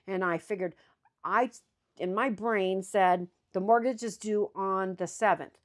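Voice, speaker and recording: A woman's voice: medium pitch, fairly even intonation, unhurried. A woman co-hosting a casual chat, candid and worried, talking through her own stress. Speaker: co-host.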